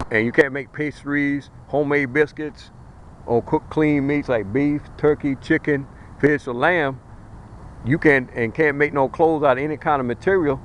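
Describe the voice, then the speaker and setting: A man delivers a fiery street sermon outdoors, talking in a blunt, colloquial and emphatic way as he warns his listeners. His voice sits at an ordinary middle pitch for a man. A faint hiss of traffic noise runs under him. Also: a bit bright, poor audio. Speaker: street preacher.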